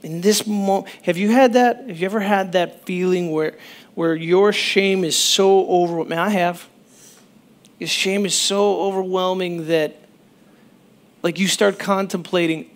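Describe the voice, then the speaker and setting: A man pastor giving a sermon in a conversational, animated way, often breaking off mid-sentence to restart. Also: high voice, unhurried.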